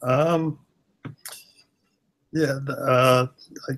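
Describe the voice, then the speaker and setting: A man playing a tabletop game, stammering and halting as he talks. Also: mid-range voice, steady tone, a bit bright. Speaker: player. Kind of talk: casual tabletop play.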